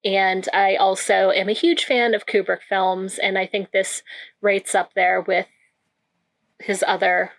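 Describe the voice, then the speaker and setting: A woman co-hosting a casual film podcast, giving her opinion in a measured, thoughtful way. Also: medium pitch, little pitch movement, low-quality recording. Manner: thoughtful, measured, with small restarts. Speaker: podcast co-host. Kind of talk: casual chat.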